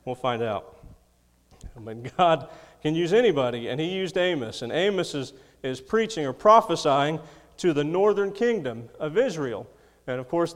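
A man's voice: fairly high pitch, big-room sound. A man preaching a sermon, reading scripture and adding folksy, chuckling asides. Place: church.

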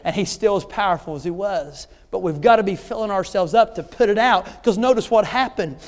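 High-pitched man preaching in a reverberant hall. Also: a little fast. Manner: emphatic preaching with rhetorical questions. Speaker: visiting missionary preacher. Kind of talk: sermon.

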